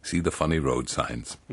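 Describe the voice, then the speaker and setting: A man narrates a comic children's storybook in a deadpan, mock-innocent manner. His voice is husky, and his pitch swings widely. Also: normal speed.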